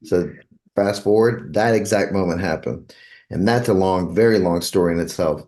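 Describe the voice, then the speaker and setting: Deep-voiced man telling a long story. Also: moderate pace, a little mellow. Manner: acts out quoted dialogue in a long anecdote. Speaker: guitarist's manager. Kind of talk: storytelling in a casual interview.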